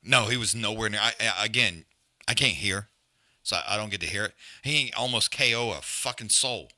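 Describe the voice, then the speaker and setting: A man hosts a live fight watch-along stream, trash-talking the fighters in blunt, profane, casual chat. His voice is lowish, bright, and forceful, moving a little fast.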